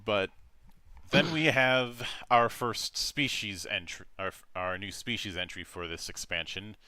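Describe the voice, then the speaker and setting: A man's voice: lowish voice, unhurried, bright, forceful tone, dry recording. A man hosting a tabletop game stream, reading rules with many fillers and restarts. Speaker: game master.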